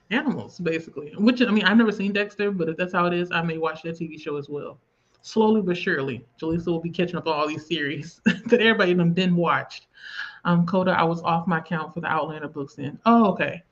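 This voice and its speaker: A Southern woman with a lowish voice hosts a casual livestream, chatting and rambling as she reads viewer comments aloud. The stream audio is lo-fi and slightly dull.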